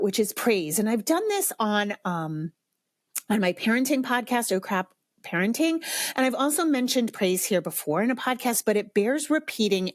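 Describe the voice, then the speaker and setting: A woman's voice: no echo, clean studio sound. A middle-aged woman hosting a solo parenting podcast, talking conversationally and emphatically. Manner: conversational, emphatic, acts out quoted parents in a high sing-song voice. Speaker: podcast host, potty training expert. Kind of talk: solo podcast advice talk.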